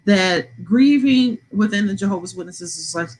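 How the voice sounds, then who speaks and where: A woman's voice: mid-range voice, animated, moderate pace, darkish tone, a little hiss or hum, rough recording. A woman hosting a live online panel, speaking to the audience and reading out viewer comments. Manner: addresses the audience, reads out comments. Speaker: host.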